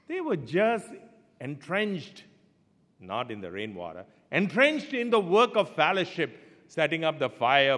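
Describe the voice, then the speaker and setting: A man preaching a sermon as pastor, telling stories with animated swings in pitch and loudness. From Singapore. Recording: long hall reverb.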